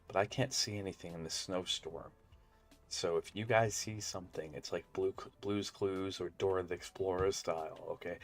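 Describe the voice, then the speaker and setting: A young man chatting casually to his viewers while playing a game, joking as he goes. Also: sits low. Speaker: streamer. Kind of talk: casual gameplay commentary.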